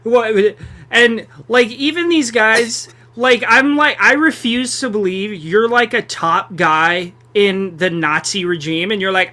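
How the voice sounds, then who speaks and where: A man's voice: sits high, slow, sharp tone. A young man co-hosting a podcast, chatting casually about films in a jokey, sarcastic way. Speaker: podcast co-host. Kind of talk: casual film review chat.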